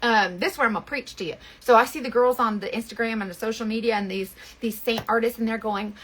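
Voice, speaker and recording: A woman's voice: fairly high pitch, quick pace, noisy background. A woman telling a rambling story in casual chat, full of fillers and restarts. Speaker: makeup seller and vlogger.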